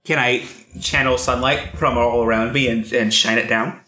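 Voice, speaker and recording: A player in a tabletop game, eager and quick to act. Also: mid-range voice, fairly even intonation, sharp tone, roomy sound. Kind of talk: casual tabletop play.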